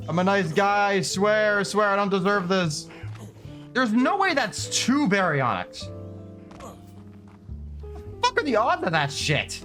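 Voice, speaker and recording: A young man narrating his survival game run and reacting excitedly and sarcastically, swearing often. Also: sits high, slow, long pauses, soft background music. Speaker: gaming video creator. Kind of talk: game commentary with scripted narration.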